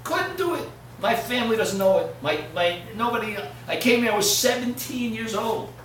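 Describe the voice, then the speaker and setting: A man giving a sermon as a rabbi, telling a story, swinging from hushed asides to loud, emphatic peaks. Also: high-pitched, lively intonation, moderate pace, a little hiss or hum. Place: lecture hall. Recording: echoey hall, from far off.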